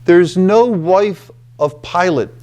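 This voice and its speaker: A man delivering a reflective scripture talk in a slightly high voice. He speaks slowly and deliberately. He leans on key words for emphasis and keeps checking in with his listeners. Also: a little mellow. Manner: deliberate, emphatic, with frequent "okay" and "you know". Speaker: retreat house presenter.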